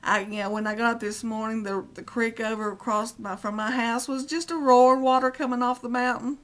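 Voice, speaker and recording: A woman in middle age, her voice sitting a little high. She talks straight to her vlog audience in a loose, rambling rant. She sounds exasperated and circles back to repeat her points. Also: fairly even intonation, brisk. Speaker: vlogger. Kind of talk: casual rant to camera.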